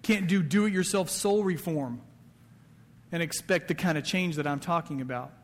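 Male pastor, conversational sermon, higher voice, long hall reverb. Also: moderate pace. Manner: conversational preaching with quoted asides. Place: church sanctuary.

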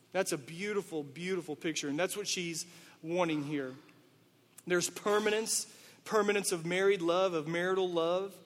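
A man's voice: high voice, in a large hall. A man, a pastor, preaching a sermon in a conversational way, asking his listeners rhetorical questions.

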